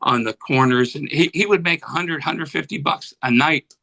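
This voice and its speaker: A man's voice: a little high, moderate pace, creaky, pushed and bright, low-quality recording. A man in his seventies from Pennsylvania, a guest musician telling rambling anecdotes in a casual interview. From Pennsylvania, USA. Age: 70s. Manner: rambling anecdotes, acts out voices in quotes.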